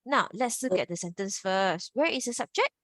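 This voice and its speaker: A woman's voice: medium pitch, lively intonation, normal speed, fairly bright tone, dry recording. A woman teacher, patiently explaining grammar over a video call and repeating key points. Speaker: Mandarin teacher. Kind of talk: online class teaching.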